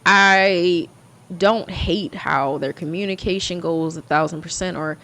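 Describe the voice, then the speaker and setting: A woman's voice: lowish voice, measured pace, pushed and bright. A woman hosting her own channel, chatting casually in a musing way and often correcting herself. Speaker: channel host. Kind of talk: casual vlog commentary.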